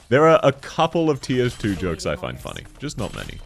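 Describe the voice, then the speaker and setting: A man's voice: mid-range voice, huge pitch swings, normal speed, gravelly, long pauses. A man streaming a video game, chatting casually, joking around and laughing a lot as he reads chat aloud. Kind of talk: casual live-stream chat while gaming.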